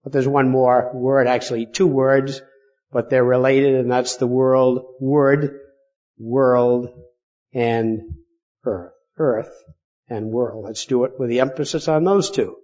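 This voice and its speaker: A man preaching a sermon as pastor, speaking with deliberate pauses and stressing key words. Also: mid-range voice, fairly even intonation, a little mellow, lo-fi sound. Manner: slow, deliberate delivery with pauses for emphasis.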